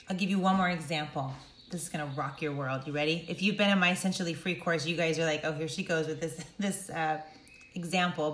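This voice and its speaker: A middle-aged woman coaching viewers directly, emphatic and animated, acting out quotes in sudden high voices. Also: roomy sound. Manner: animated, emphatic, acts out quotes with big pitch jumps. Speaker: speaker and coach. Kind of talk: direct-to-camera talk.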